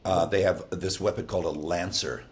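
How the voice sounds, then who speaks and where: A man's voice: low-pitched, steady tone, moderate pace. A man co-hosting a podcast, jokey and blunt, swearing casually as he chats. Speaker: podcast co-host. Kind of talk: casual interview chat.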